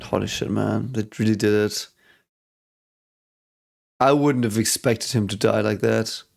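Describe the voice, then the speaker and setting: A man hosting a reaction video, talking casually and excitedly, swearing often and thinking aloud. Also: fairly low pitch, a little slow, gravelly.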